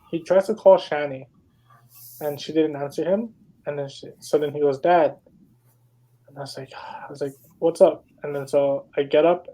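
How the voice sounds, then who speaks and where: A man's voice: fairly high pitch, dark tone, low-quality recording. A young man co-hosting a podcast, telling stories in casual chat, full of "like"s. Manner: rambling storytelling, many "like"s. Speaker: podcast co-host.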